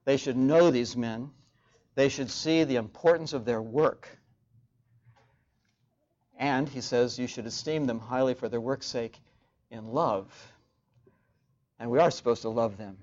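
A man preaching a sermon in a measured way, repeating key phrases for emphasis, on a dull lo-fi recording. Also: mid-range voice, a little mellow.

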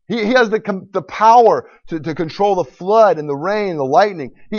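Passionate male preacher, higher voice, emphatic repeats, muffled lo-fi sermon recording. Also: a little fast, hardly any pauses, no echo. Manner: impassioned, repeats words, emphatic. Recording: dull lo-fi recording.

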